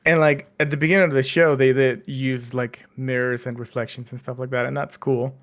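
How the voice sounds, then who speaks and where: A man's voice: mid-range voice, little pitch movement, fairly quick, fairly bright tone. A man co-hosting a podcast, chatting casually with lots of fillers and restarts. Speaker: podcast co-host. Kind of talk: casual chat.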